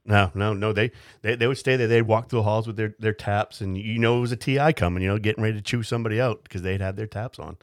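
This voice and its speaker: A man's voice: fairly low pitch, dry recording, clean studio sound. A man hosting a casual chat, often laughing and chiming in. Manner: laughs often, quick interjections.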